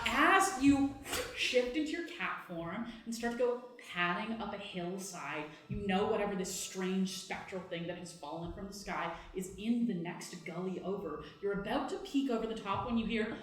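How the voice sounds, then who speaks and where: A woman's voice: mid-range voice, moderate pace. A woman running a live tabletop improv game as dungeon master, vividly narrating scenes. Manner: lively, vivid scene-setting. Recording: echoey live theatre.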